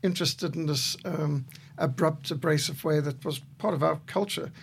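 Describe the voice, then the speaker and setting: A man in his sixties, co-host of a podcast, telling measured stories with a dry humor. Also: on the high side, gravelly, slight background noise. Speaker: podcast co-host, missionary leader. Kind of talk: reflective conversation.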